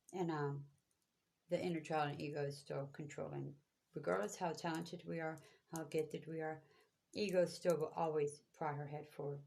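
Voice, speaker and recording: A woman's voice: deep voice, creaky, warm tone. A woman giving spiritual guidance to viewers, talking in a preachy, repetitive, emphatic way. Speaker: spiritual reader.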